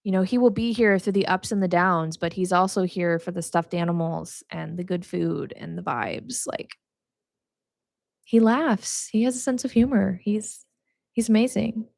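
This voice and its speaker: Young woman hosting a chill faith podcast, laughs a lot, says like constantly, bit of vocal fry. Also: mid-range voice, steady tone, normal speed, a little mellow, dry recording, clean studio sound. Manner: chatty, laughs often, many "like" fillers. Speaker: podcast host. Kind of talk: casual faith teaching.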